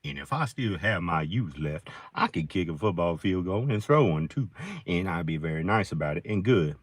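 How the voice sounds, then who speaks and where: A man's voice: lowish voice, no room sound. A man alone in his car in the woods, rambling through an improvised stand-up monologue in a loose stream-of-consciousness way. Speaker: amateur comedian.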